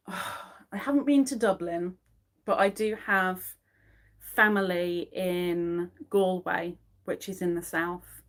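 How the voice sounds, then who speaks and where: A woman's voice: fairly low pitch, fairly even intonation, drawn-out words, pauses often, fairly bright tone. A woman hosting a crochet livestream, chatting casually with viewers and murmuring her stitch counts while she works. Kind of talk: casual chat to a live audience while crocheting.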